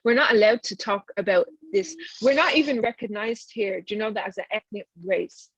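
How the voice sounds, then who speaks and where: A woman's voice: medium pitch, brisk, breathy edge, no echo. A woman in her thirties with a Dublin accent, speaking earnestly and conversationally as a panelist on a video call. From Ireland. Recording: dry, dull video-call audio.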